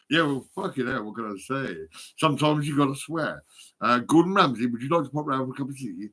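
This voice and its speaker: A man's voice: mid-range voice, quick pace, a bit bright. Sweary, giggly man in his fifties. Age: 50s. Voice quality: sweary, giggly, rambling, often laughing. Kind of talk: rambling phone vlog monologue. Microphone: phone.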